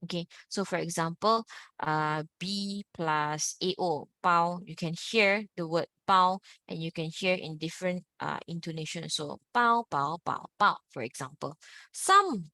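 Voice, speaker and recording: A woman's voice: lowish voice, measured pace, pushed and bright, dry recording. Woman teaching Mandarin tones. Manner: demonstrates tones in exaggerated swoops, repeat-after-me drills. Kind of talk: online language lesson.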